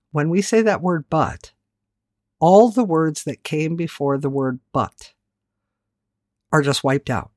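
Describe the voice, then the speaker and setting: Woman self-help host, animated delivery over a wide pitch range, candid and casually profane, dry close sound. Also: no echo. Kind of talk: reflective solo monologue.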